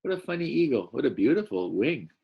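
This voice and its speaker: A man teaching a first-grade class, reading a picture book aloud and gently encouraging the children to read along. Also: mid-range voice, big pitch swings, fast, creaky, breathy edge, highs cut off. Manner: gentle, encouraging, explains as he goes.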